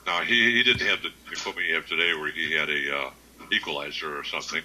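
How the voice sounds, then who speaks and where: Very deep, bright-toned man in his sixties. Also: fairly even intonation, slight background noise, poor audio. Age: 60s. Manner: unhurried, plainspoken anecdotes. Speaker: guest author. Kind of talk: casual interview storytelling.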